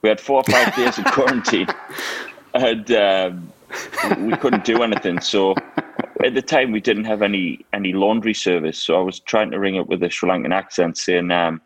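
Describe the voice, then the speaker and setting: A man co-hosting a casual chat, telling lively stories and laughing often. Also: sits low, fairly quick, dry recording. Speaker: co-host.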